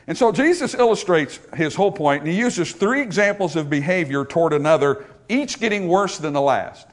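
Lively, expressive man preaching a sermon. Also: on the high side, brisk, hardly any pauses. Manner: animated preaching with joking asides. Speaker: pastor.

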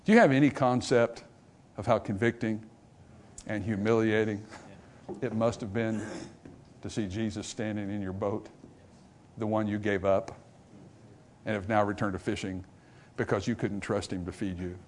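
A man's voice: flat delivery, measured pace, pauses often, slight background noise. Man preaching with big dynamic swings. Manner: dramatic, swings from loud and rising to low and quiet; acts out small dialogues between characters. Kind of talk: revival sermon. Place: church before a congregation.

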